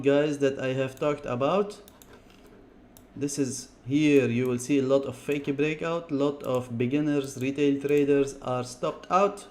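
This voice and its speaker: A man's voice: medium pitch, a little mellow. Man livestreaming chart analysis, repeating himself. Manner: repeats words in quick bursts; chatty, apologetic asides to viewers. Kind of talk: live chart analysis to viewers.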